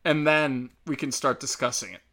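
A man with a medium-pitched voice, some vocal fry, and a sharp edge talks at a normal speed. He rants directly at his listeners in a heated, profane, sarcastic monologue, mocking and scolding them.

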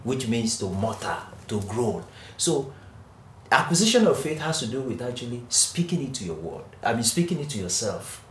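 A man's voice: mid-range voice, sing-song, moderate pace, a little hiss or hum. A man teaching a Bible lesson, explaining earnestly and correcting himself mid-sentence. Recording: echoey room.

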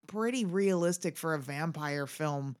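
A woman's voice: low-pitched, animated, measured pace, a little mellow. A woman co-hosting a podcast, chatting casually about a film with dry, wry asides. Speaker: podcast co-host.

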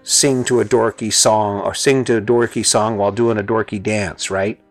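Gravelly middle-aged man giving earnest advice. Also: lowish voice, steady tone, normal speed, faint music behind. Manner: earnest and conversational, repeats phrases for emphasis. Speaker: host. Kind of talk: motivational talk.

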